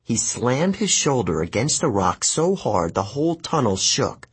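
Husky, lively male audiobook narrator. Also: medium pitch, measured pace. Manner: expressive, lively storytelling.

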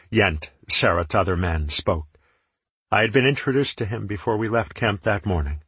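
A man reads a first-person fantasy story aloud with a steady, measured delivery. His voice is low and husky. The recording is dry and close. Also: no echo. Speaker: audiobook narrator.

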